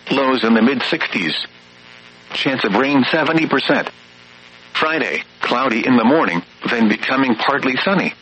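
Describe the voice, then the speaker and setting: A man's voice: medium pitch, bright, forceful tone, husky, poor audio. A synthetic male voice giving an automated weather radio readout, listing readings and forecasts in clipped, evenly paced phrases.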